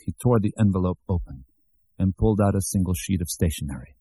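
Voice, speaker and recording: Low, husky male audiobook narrator. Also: dark tone, no room sound. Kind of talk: scripted narration.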